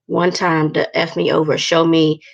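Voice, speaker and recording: Gravelly-voiced woman vlogging bluntly. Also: deep voice, little pitch movement, moderate pace, dull audio. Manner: candid, blunt, cusses freely, many fillers. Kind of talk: casual talking-to-camera vlog.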